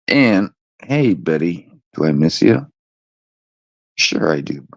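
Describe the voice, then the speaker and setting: Slow gravelly man on a livestream. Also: low voice, expressive. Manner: rambling, profane, lazy sing-song teasing. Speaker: livestream host. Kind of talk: casual livestream chat. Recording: dull lo-fi stream audio.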